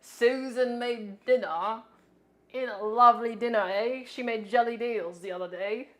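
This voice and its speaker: A loud, hammy mock British character gushes in a slow, drawn-out put-on accent, as a woman streamer puts it on. The voice sits fairly high and leans hard on every vowel. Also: steady tone. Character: mock British person gushing about a good home cook.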